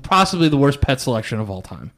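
A man's voice: mid-range voice, big pitch swings, fast, fairly bright tone. A man co-hosting a podcast in casual chat, telling stories playfully and laughing often. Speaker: podcast co-host.

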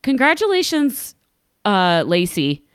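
A woman co-hosting a podcast in casual chat, animated, laughing often, with sarcastic asides. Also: medium pitch, slow pace, clear, resonant tone, no echo, studio quality. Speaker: podcast co-host.

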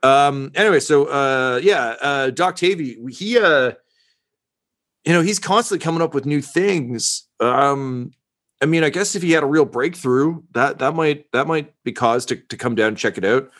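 A man's voice: medium pitch, moderate pace, a bit bright, voice pushed up, close to an everyday voice. A man voicing a self-pitying male propaganda reporter who stammers and wants praise. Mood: rambling.

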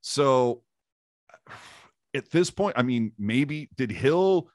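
Man, podcast host, mid-pitched voice, dry close sound, relaxed, asks leading questions. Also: extremely slow, dry recording. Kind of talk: casual sports chat.

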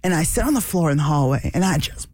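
A woman's voice: low voice, lively intonation, quick pace, a little mellow, dry recording, studio quality. Chatty, laughing woman on a podcast. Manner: chatty, laughs often between sentences. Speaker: producer. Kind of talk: casual podcast conversation.

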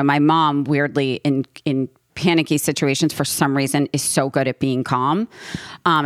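Low-pitched woman, thirties, podcast host recounting a family scare, animated, dry close sound. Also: no room sound. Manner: emotional, animated retelling with quoted dialogue. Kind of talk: casual storytelling.

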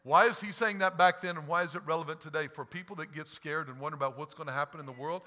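A male pastor preaching with fervor, in a high, very bright and cutting voice. He swings from near-shouted proclamations to quiet, hushed explanations, and acts out quoted lines with laughter. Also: quick pace. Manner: impassioned preaching, swings between loud and hushed. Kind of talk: sermon.

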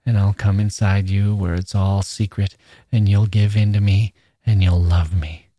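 A low, menacing drawl from a smooth-talking stalker who coaxes with easy slang, read aloud by a man. The voice sits deep and flat, and the recording is close and dry with no room sound. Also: a little slow, dry recording. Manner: coaxing, drawling, casual slang.

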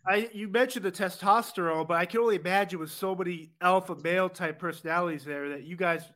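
A man hosting a podcast, asking rambling, halting questions of his guest. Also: sits high, pushed and bright. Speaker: podcast host. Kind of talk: interview questions.

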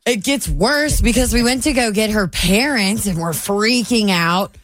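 A woman's voice: mid-range voice, a little slow, a bit bright, soft background music. A woman co-hosting a morning radio show, telling a story chattily and building suspense in casual banter. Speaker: radio co-host. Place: radio studio. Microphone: studio microphone.

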